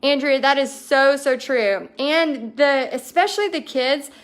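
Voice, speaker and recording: Woman, thirties, fairly high voice, livestream host, bubbly and enthusiastic, chatty, lots of ums. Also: a little slow. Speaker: host of a paint party business livestream. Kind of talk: casual livestream chat answering viewer comments.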